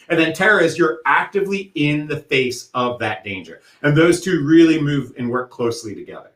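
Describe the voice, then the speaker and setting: A man presenting an educational workshop, explaining things in a steady way and using vivid analogies. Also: fairly high pitch, fairly quick, few pauses. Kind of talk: educational talk. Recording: echoey room.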